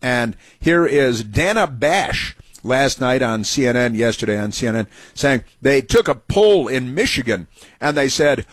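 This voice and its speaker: A man's voice: medium pitch, lively intonation, moderate pace, no room sound. A man hosting a talk radio show, delivering a rambling, sarcastic monologue full of fillers and restarts.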